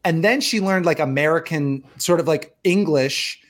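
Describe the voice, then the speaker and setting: Young male podcast co-host, slightly high voice, chatty and joking. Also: moderate pace. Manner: chatty, joking, lots of restarts and laughs. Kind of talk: casual chat.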